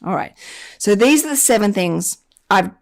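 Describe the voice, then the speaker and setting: A woman's voice: mid-range voice, expressive, normal speed, creaky. A woman hosting a personal finance podcast, telling a candid, self-deprecating story about her own mistakes. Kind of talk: confessional podcast monologue.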